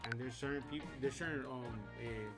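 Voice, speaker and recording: Over game music, a man streaming a game tells rambling work stories in a casual, filler-heavy style. His mid-range voice has fairly even intonation and a moderate pace.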